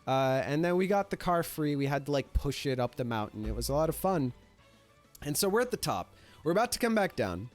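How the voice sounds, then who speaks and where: A man casually telling a story, animated and profane, filling his talk with "like". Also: a little high, fairly quick, soft background music. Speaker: streamer.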